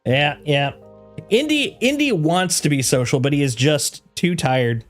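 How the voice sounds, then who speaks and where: A man's voice: on the high side, big pitch swings, slow, pauses often, soft background music. A man chatting casually on his game livestream. He rambles with restarts and laughs, and coos at his dog in doting baby talk. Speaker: game streamer.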